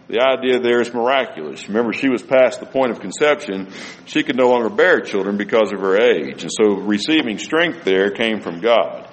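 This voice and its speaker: A man delivers a sermon, reading long scripture passages aloud and stressing key words. His voice rises and falls in wide, lively swings. It carries through a reverberant hall over a faint hum of ambience. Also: fairly low pitch, moderate pace. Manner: reads scripture aloud, rising and falling emphasis. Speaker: preacher.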